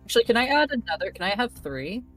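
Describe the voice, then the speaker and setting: A woman's voice: fairly high pitch, very animated, quick pace, a bit bright, faint music behind. A woman playing in a tabletop game, chatting offhand and laughing now and then. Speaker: player. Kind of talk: casual chat.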